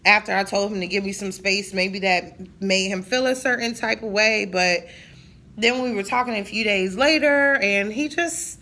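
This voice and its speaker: A woman's voice: medium pitch, moderate pace, bright, forceful tone. A woman in her thirties venting in a casual monologue, blunt and profane, telling her story with jokes. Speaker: vlogger.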